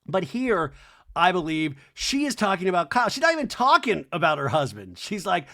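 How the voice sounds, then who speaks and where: Sarcastic guy doing a reality tv recap, chatty, laughs a lot, lively voice. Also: high voice, fairly quick. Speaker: podcast host. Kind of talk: casual comedic recap.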